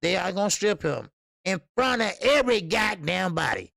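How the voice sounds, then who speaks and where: A man with a heavily gravelly voice and a somewhat high pitch, hosting a casual boxing livestream. He talks bluntly and profanely, laughs often, and rambles with plenty of fillers. The sound is dry and close. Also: sing-song, normal speed, bright, forceful tone, no room sound. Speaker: boxing channel host. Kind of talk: casual livestream commentary reading chat.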